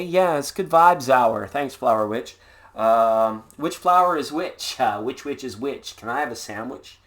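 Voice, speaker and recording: Playful, rambling male tarot streamer. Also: mid-range voice. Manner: playful, jokey, rambling with puns; laid-back and upbeat. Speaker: tarot reader and live stream host. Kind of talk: casual live tarot reading.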